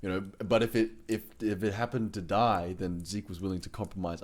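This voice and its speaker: A man's voice: low voice, steady tone, brisk, hardly any pauses. A man co-hosting a tabletop game podcast, recapping the session in a laid-back way with lots of fillers. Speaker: player, co-host. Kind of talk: casual podcast chat.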